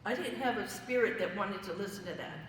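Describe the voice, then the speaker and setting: A woman's voice: medium pitch, fairly quick. A woman giving a personal testimony at a church fellowship, telling her story conversationally and in vivid detail. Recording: echoey hall, voice from far off, faint noise.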